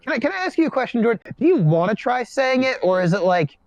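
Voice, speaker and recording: A man's voice: very high-pitched, big pitch swings, fast talker, no room sound, lo-fi sound. A man co-hosting a podcast in casual group chat, teasing the others with sarcastic bits. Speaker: podcast co-host.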